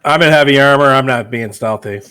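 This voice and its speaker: A man playing at a tabletop game table, talking eagerly and loudly with the group. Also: medium pitch, fairly quick, clean tone. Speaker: player. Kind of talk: casual chat at a game table.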